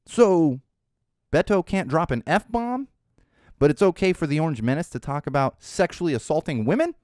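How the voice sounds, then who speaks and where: Animated ranting man, podcast host. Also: on the high side, moderate pace, no room sound, clean studio sound. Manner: animated, ranting, swears freely. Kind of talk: opinionated political commentary.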